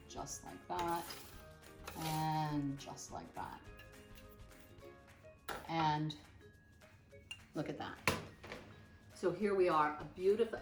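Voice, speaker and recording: A woman hosts a cooking demonstration in a kitchen, talking viewers through each step with chatty admiration. Her voice sits on the low side and sounds a little distant from the mic. The room rings around her, and music runs underneath. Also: roomy sound. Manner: chatty, warmly enthusiastic, repeats "nice" and "beautiful". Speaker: cooking show host.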